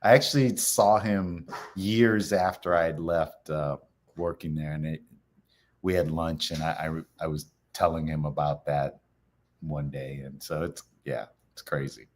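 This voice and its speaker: A man's voice: extremely low pitch, steady tone, a little slow. A middle-aged man, a company founder, telling a story in a casual interview and acting out the dialogue with animation.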